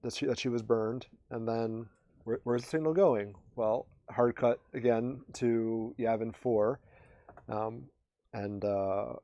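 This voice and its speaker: Male podcast co-host, mid-pitched, dry close mic, rambling casual recap with lots of restarts. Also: fairly even intonation, takes it slowly, dark tone, no room sound, lo-fi sound. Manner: rambling with many restarts and fillers. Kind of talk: casual chat, recapping episodes.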